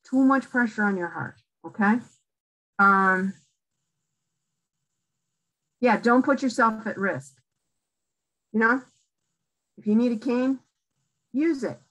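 Unhurried woman giving direct advice. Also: fairly high pitch, a bit bright, low-quality recording. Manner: direct, coaching, frequent "okay?" checks; speaks in short emphatic phrases. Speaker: lecturer on aging in place. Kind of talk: public library talk.

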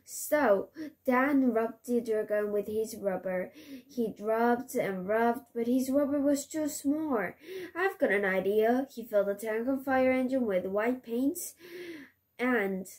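A woman whose first language is Korean reads a picture book aloud to her child. Her voice is slightly high, soft and mellow, and she reads slowly, with small slips and restarts. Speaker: parent reading to a child. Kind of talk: storybook read-aloud.

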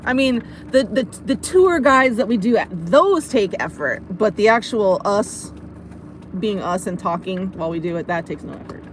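An American woman hosting a casual live stream from inside a car, chatty and giggly and quick to poke fun at herself, talking into a phone held up. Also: mid-range voice, animated. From United States. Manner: chatty, giggly, self-mocking. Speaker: livestream host. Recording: car road noise.

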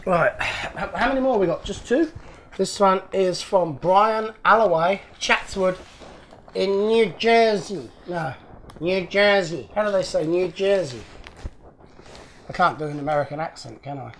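A man's voice: high voice, expressive, moderate pace, fairly bright tone, slight background noise. A man hosting his own channel, chatting casually and with delight as he unboxes fan mail, chuckling often.

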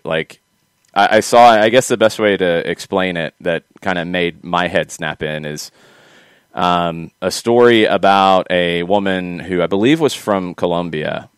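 Guy hosting a soccer show, low smooth voice, rambling chatty, dry close sound. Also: dry recording. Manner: rambling, self-correcting, chatty. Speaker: podcast host. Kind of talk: casual sports talk.

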